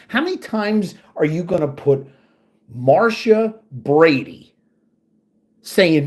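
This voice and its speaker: A man's voice: a little high, animated, slow, long pauses, a little mellow. A man hosting his own channel, venting in a profane, angry and sarcastic casual rant while working at his computer. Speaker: channel host.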